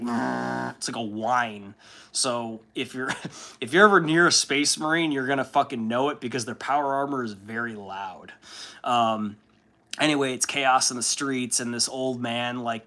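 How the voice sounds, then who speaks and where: A man's voice: mid-range voice, pushed and bright. A man hosting a casual hobby livestream, rambling and swearing with lots of fillers and laughs. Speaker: livestream host. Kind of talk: casual chat during a hobby stream.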